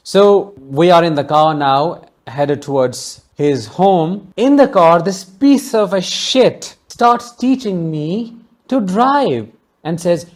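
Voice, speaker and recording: Earnest man with a fairly high voice. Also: animated, slow pace. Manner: earnest, emotionally charged storytelling; warm, consoling sign-off to listeners. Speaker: podcast host. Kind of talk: solo podcast monologue.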